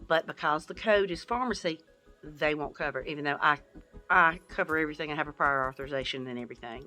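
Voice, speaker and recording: A middle-aged woman with a drawl talks straight to camera in a casual vlog, venting and cussing without a filter. Her voice is bright and a little low-pitched for a woman, with soft music faintly underneath. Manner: candid, venting, swears freely. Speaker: vlogger.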